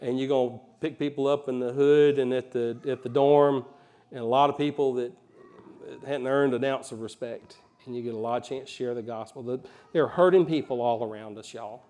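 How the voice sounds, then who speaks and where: A pastor from Alabama with a mild Southern accent, preaching a conversational sermon with folksy asides and rising emphasis. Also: male voice, medium pitch, steady tone, fairly quick, darkish tone.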